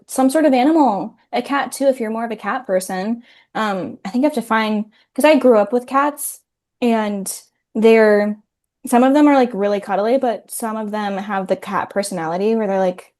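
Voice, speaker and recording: A woman talks casually as a podcast guest, her voice sitting fairly high. She rambles a little, with many "like"s and "um"s, heard over a video call. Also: normal speed. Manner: chatty, warm toward her dog, frequent "like" and "um". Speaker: podcast guest, content creator. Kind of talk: casual interview chat.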